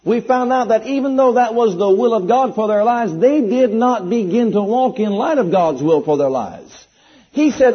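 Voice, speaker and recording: A man's voice: high voice, animated, normal speed, slightly rough. A man preaching a sermon in an earnest, emphatic way, repeating key phrases and quoting scripture. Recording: dull lo-fi sound.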